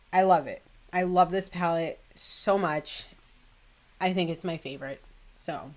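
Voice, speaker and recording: A young woman chatting in a gushing, casual way about her beauty favorites at home, with lots of "like". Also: lowish voice. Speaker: beauty vlogger. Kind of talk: casual chat.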